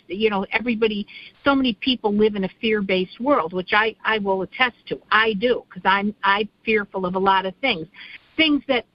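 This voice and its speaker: A woman's voice: mid-range voice, dull audio. A middle-aged woman co-hosting a radio talk show, chatting casually and telling stories with many restarts. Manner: rambling storyteller with many restarts. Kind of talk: casual chat.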